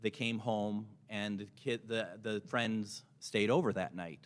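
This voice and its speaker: A man's voice: lowish voice, steady tone, measured pace. A man talking casually to a convention audience as a paranormal investigator, chatty and enthusiastic, often restarting his sentences. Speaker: paranormal investigator giving a convention panel talk. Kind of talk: casual presentation to a live audience. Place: convention panel room. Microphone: microphone in front of him. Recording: noisy room recording with clicks.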